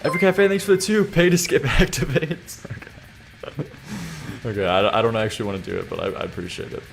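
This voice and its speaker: Over a noisy background, a man with a medium-pitched voice and vocal fry speaks at a quick pace. He's a streamer reviewing viewers' song submissions live, reacting casually with sarcastic wit, chuckled asides and muttering.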